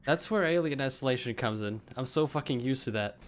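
A man's voice: medium pitch, animated, a little fast, slight background noise. A man playing a co-op game in casual chat, swearing a lot, breaking into panicky outbursts and laughter. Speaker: gaming partner.

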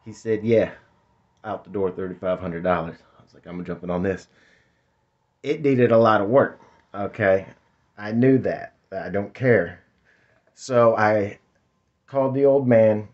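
A man's voice: fairly low pitch, unhurried, long pauses. A man, telling a rambling, profane story in casual vlog chat. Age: 50s. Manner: rambling, laid-back, profane. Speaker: vlogger. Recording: dull lo-fi sound.

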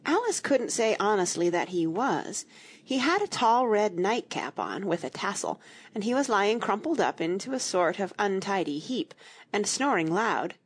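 Breathy woman reading a children's story. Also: medium pitch, normal speed. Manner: clear storytelling, expressive. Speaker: narrator. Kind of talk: children's audiobook narration.

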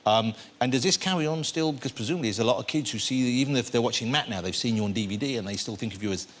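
A man's voice: mid-range voice, very fast. A man hosting a talk show, asking teasing, leading questions.

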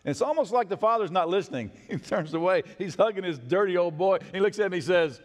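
A male pastor delivers a sermon fast and with few pauses, his lively pitch rising and falling a little above the usual. He swings from loud declarations to hushed asides, his voice ringing with the long reverb of a church sanctuary amid congregation responses.

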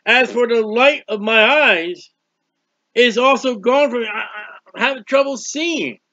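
A man's voice: extremely high pitch, a little slow, no room sound, muffled recording. A man preaching a sermon, reading scripture aloud and explaining it, drawing out words for emphasis. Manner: expressive Bible reading with commentary, stretches words.

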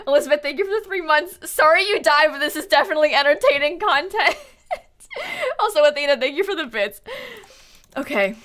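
A woman giving excitable live gaming stream commentary, swinging between panicked shrieks and quiet muttering. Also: high-pitched, moderate pace.

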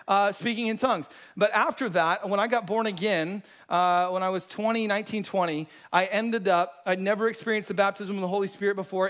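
Guy preaching a sermon, pretty high voice, laid back slangy talk, gets real animated telling stories. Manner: casual, slangy, animated storytelling. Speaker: pastor. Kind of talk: sermon with personal testimony.

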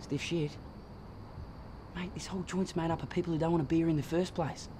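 A man's voice: fairly high pitch, fairly even intonation, brisk, warm tone, a little hiss or hum, close to an everyday voice. An actor with an Australian accent playing a cynical bloke who bluntly lectures his mate and swears as he talks.

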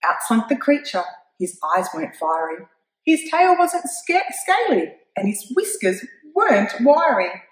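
Slow, expressive woman reading a storybook. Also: on the high side, echoey room, rough recording. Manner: expressive, pointing things out to young listeners. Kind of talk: reading a picture book aloud to children.

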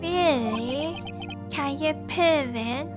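A confident young defense lawyer presses a witness with insistent, accusing lines, read by a woman. The voice is high and the pace slow and deliberate. Background music runs underneath.

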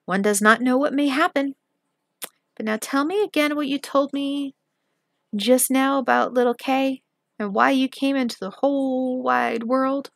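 A woman's voice: high voice, measured pace, gravelly, no echo, clean studio sound, voice pushed up. A woman voicing a fierce, bossy little robber girl in a storybook reading, speaking bluntly and commandingly.

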